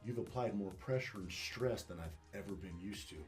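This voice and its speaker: Brief: low-pitched male dog trainer, animated and blunt, casual interview, faint background music. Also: normal speed. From Northwest Arkansas. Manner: animated storytelling, acts out dog and owner with swearing.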